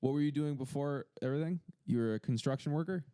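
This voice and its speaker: A man's voice: fairly high pitch, fast, mellow, smooth. A young man co-hosting a podcast, teasing and laughing in casual chat. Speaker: podcast co-host.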